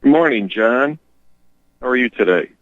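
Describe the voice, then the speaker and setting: A man who is a guest on a radio talk show, speaking in a steady, plain way. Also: mid-range voice, normal speed, no room sound. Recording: dull lo-fi radio sound.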